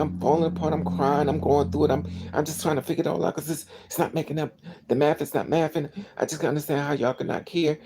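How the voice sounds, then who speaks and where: A vlogger's indignant storytelling rant with a dark, gravelly tone. The voice keeps circling back to the same phrases to hammer them home, with heavy fry on the low notes. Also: steady tone, fast, slight background noise, rough recording. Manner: emotional, indignant, repeats phrases for emphasis.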